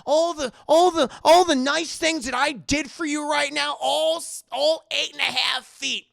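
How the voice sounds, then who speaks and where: A man voicing a menacing, controlling middle-aged bunker owner who shouts and lectures, retelling a film scene. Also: sits high, normal speed, vocal fry, no room sound, studio quality, heavily acted. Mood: domineering. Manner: shouting, domineering.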